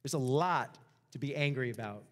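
A man preaching a sermon as pastor, animated, acting out the voices of the story. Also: medium pitch, moderate pace. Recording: reverberant hall.

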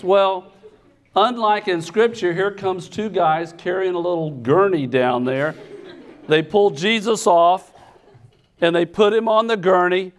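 A man with a slightly high voice delivers a sermon as a lively storyteller. He acts out the scene he describes and breaks into sudden shouts. His telling is animated throughout. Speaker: pastor.

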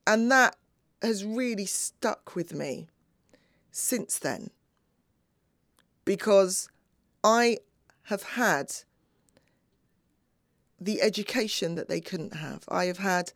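A middle-aged woman tells a personal story with earnest feeling. Her voice is gravelly and mid-pitched. She sounds close and dry. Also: lively intonation, slow pace, long pauses, fairly bright tone, dry recording. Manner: earnest, acts out remembered dialogue. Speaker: speaker.

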